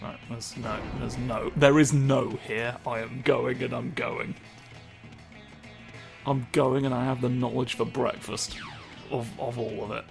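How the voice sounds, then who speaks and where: A man's voice: medium pitch, steady tone, unhurried, creaky. A man giving casual, rambling commentary over his gameplay, joking and swearing often. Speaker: let's play host. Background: game music.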